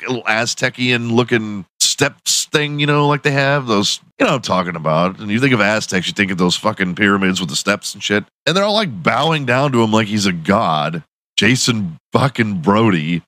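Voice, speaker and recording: A man's voice: mid-range voice, expressive, normal speed, fairly bright tone, no room sound. A young man hosting a podcast, telling a profane, laughing story in casual monologue. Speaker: podcast host.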